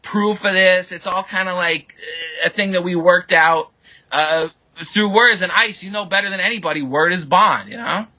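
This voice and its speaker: Joking guy dodging blame, bright voice, rambles a lot. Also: high voice, moderate pace, poor audio. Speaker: roommate in a dispute. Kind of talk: casual defensive banter.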